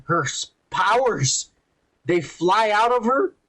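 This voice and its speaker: A man hosting a podcast, retelling a TV episode in a casual, rambling, profane way and putting on quick voices for the characters. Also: sits high, very animated, bright, forceful tone. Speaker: podcast host reviewing a TV episode.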